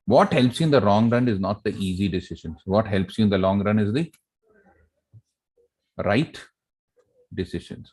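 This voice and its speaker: An Indian man lectures students and spins his story with energy. His voice sits a little low, and he often checks with the room whether they agree. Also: moderate pace, darkish tone. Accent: Indian English. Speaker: professor giving a leadership talk.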